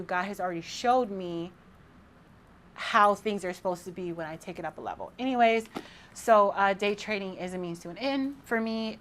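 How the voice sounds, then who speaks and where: A woman in her thirties talking casually to camera as a vlogger, excited and rambling, with frequent restarts. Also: mid-range voice, a little hiss or hum.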